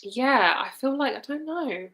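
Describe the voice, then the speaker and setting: A woman's voice: sits high, expressive, a little slow, pushed and bright. Chatty young woman giving a live card reading. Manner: casual, chatty, swears freely, trails off with ums. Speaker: tarot reader.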